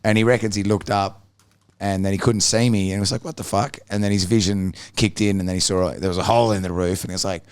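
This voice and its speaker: An Australian man hosting a podcast, telling a story casually in a blunt, profane, animated way. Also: sits low, fast talker, clear, resonant tone, no echo. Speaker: podcast host.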